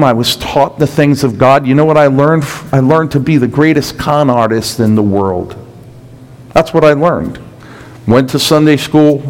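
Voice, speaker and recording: A man's voice: medium pitch, darkish tone, poor audio. A middle-aged male pastor preaching a sermon, building intensity with rhetorical questions and emphatic repetition.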